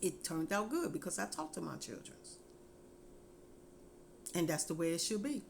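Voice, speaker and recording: A middle-aged woman giving casual, heartfelt parenting advice, earnest and folksy, repeating her points slowly. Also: on the low side, big pitch swings, creaky, a little hiss or hum.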